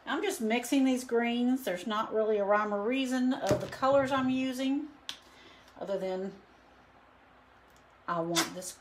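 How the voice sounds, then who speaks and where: A woman's voice: on the high side, a little slow, pauses often, background noise. A woman chatting casually through a live painting demo, rambling with lots of fillers. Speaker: painting instructor and studio owner. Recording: roomy echo.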